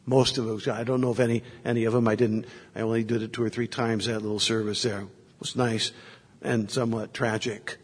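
A Catholic priest gives a reflective sermon in a large hall, telling stories from his ministry and slipping in and out of quoted voices. His voice is lowish and husky, with little pitch movement, and he speaks briskly.

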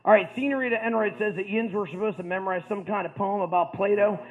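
A man's voice: high-pitched, steady tone, quick pace, soft background music, natural voice. Man doing a folksy, offhand football coach. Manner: folksy, offhand, bossy with students. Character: laid-back male high school football coach subbing. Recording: tinny phone-like sound.

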